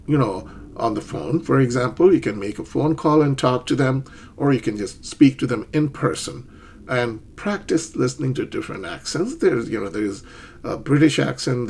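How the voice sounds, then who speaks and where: A man in middle age giving an English lesson. His voice is a bit husky and sits at an ordinary pitch. He explains patiently and keeps checking that learners follow with "right?" and "okay?". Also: a little mellow. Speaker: English teacher.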